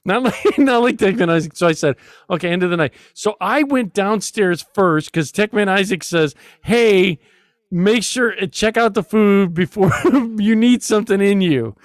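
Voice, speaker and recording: A man's voice: high voice, normal speed, no echo, clean studio sound. A man hosting a talk show, telling a long story with frequent laughs and restarts. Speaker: podcast host. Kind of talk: casual storytelling chat.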